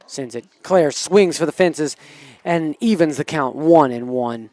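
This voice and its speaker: A man doing casual, excitable play-by-play for a high school softball game, chatty and cheering the batters on. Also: measured pace, dry recording. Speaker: play-by-play commentator. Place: small school TV studio booth.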